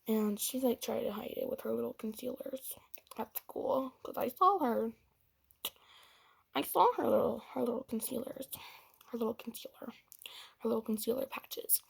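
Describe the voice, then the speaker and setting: Young woman, fairly high voice, raspy, storytime vlog, dramatic gossip, whispered asides. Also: moderate pace, long pauses.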